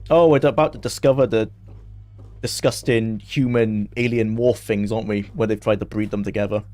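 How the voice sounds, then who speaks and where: A man's voice: on the low side, fairly even intonation, a little mellow. Chatty man streaming a game. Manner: rambling, chatty, quick to laugh. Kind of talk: casual live-stream gameplay commentary.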